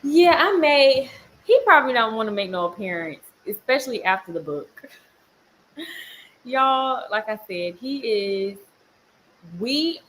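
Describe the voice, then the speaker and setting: Young mom on a livestream, chatty and animated, laughs a lot, scolds her kids in between. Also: on the high side. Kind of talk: casual livestream chat with viewers.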